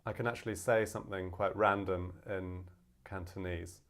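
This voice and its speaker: A man teaching a casual language lesson, explaining with many fillers and slowing down to demonstrate pronunciations. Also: low voice, fairly even intonation.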